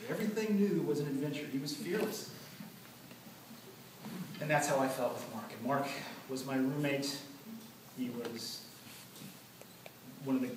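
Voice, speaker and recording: A man giving an earnest memorial speech about his late father, telling stories with many pauses. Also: mid-range voice. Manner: earnest, storytelling, pauses often. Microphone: far from the recording mic. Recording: echoey hall from far off, noisy.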